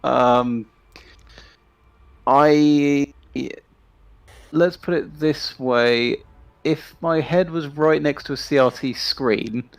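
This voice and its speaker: A man's voice: on the high side, extremely slow, long pauses, smooth. A man playing along on a stream, hesitant and laughing easily as he chats. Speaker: co-player. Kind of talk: casual gaming chat.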